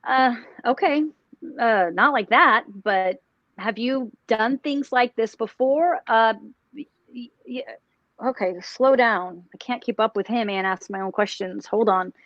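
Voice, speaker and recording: A woman psychic on a live paranormal show, talking haltingly with many restarts as she questions a spirit. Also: on the high side, fairly bright tone, no room sound. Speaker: psychic, remote viewer. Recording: dull dry lo-fi audio.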